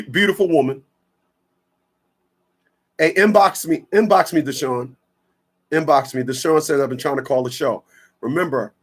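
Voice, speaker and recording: A man from Newark, hosting a radio talk show in a blunt, rambling, preachy monologue full of slang. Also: mid-range voice. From Newark, New Jersey.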